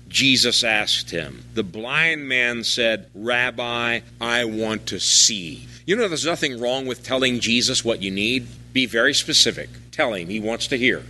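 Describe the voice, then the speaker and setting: Lively, bright-voiced male preacher. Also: medium pitch. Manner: animated, dramatizing scripture quotes with shifting voices. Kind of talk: sermon.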